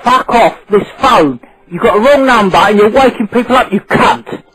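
Angry guy on the phone, swearing a lot, kinda high voice, tinny line. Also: lively intonation, moderate pace, background noise. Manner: furious, swearing, woken in the early morning. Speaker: prank call victim.

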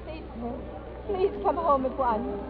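A woman's voice: high-pitched, expressive, a little slow, noisy background. An actress playing an anxious young maid pleading for her employer to come home, in 1930s radio drama style. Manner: soft, urgent, pleading. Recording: muffled 1930s radio broadcast.

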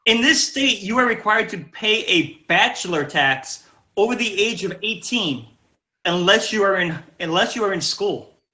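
A man hosting a live-stream trivia game, upbeat and reading the answer options out slowly as a list. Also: high-pitched, lively intonation, sharp tone, roomy sound. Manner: upbeat, repeats questions slowly, reads options as lists. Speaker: game show host.

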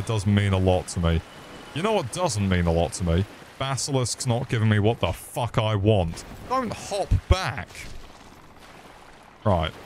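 A young British man giving live gameplay commentary, excitable and sweary as he chats with viewers. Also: on the low side, a little hiss or hum. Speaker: streamer.

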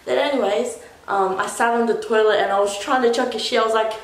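A woman's voice: fairly high pitch, steady tone, fast talker. Chatty young woman in an echoey room. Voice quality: rambling, full of "like". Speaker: vlogger. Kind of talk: casual storytelling.

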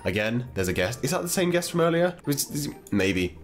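A man's voice: medium pitch, sing-song, brisk, faint music behind. An English man hosting a gaming channel, chatting playfully and babbling to viewers as he plays through a game. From England. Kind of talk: let's-play game commentary.

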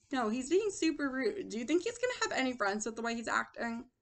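Lively, gravelly-voiced teacher woman. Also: on the high side, a little fast. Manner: questioning, encouraging, addresses children as friends. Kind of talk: lesson with storybook read-aloud.

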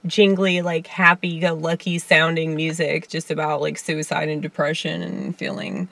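A woman's voice: deep voice, moderate pace, vocal fry, fairly bright tone, dry recording. A woman with a Southern US accent, a comedian rambling in a casual monologue with lots of fillers and chuckles. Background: faint piano keyboard playing.

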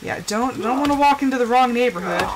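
Her voice sits a little high and moves fairly quickly as she plays a game on stream, chatting casually and talking to herself between many fillers. She's from the Southwestern United States, and heavy background noise runs under the audio.

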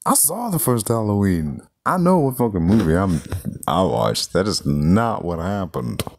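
A man's voice: fairly low pitch, big pitch swings, measured pace, vocal fry, darkish tone. A man giving a casual, profane movie review, riffing loosely and slipping into mock voices.

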